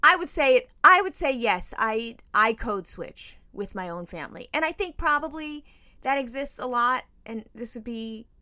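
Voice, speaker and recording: A woman's voice: mid-range voice, no room sound. Chatty woman podcaster, acts out voices in her stories, dry mic. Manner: animated storyteller, acts out quoted voices. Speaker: podcast co-host. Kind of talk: casual storytelling chat.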